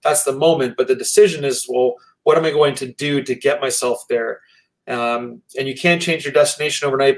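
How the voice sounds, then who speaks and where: A Canadian man, a guest motivational speaker, answering interview questions. He sounds earnest and measured, in keynote-like phrasing. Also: medium pitch, low-quality recording.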